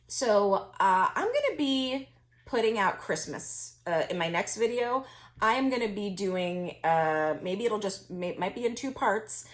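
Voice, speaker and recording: A woman reselling vintage finds tells a story in casual chat, laughing often and restarting her sentences. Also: fairly high pitch. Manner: chatty, laughs often, many fillers and restarts.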